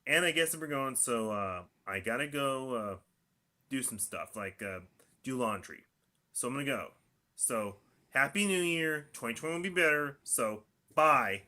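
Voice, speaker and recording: A young man talks straight into his camera in a very bright, lively voice. He wanders from point to point and keeps saying "mm-hmm" and "and also" between thoughts. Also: mid-range voice, normal speed. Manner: repetitive, punctuated by "mm-hmm" and "and also". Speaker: video diarist. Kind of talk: rambling monologue.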